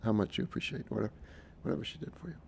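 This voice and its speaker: A middle-aged man talking in a casual, unscripted monologue, earnest and halting, often restarting his sentences. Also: fairly low pitch, gravelly, a little hiss or hum. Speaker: speaker recounting his experiences.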